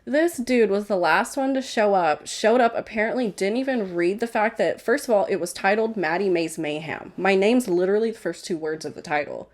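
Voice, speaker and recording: Animated young woman telling a story. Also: medium pitch, fairly quick, hardly any pauses. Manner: animated storyteller, acts out quoted voices, laughs often. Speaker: podcast guest. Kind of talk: casual storytelling chat.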